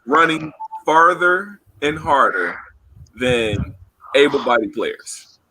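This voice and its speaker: A man hosting a casual group chat, telling stories with lively acted-out quotes and frequent laughter. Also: mid-range voice, slow pace, husky. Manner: animated storytelling, acts out quotes, laughs often.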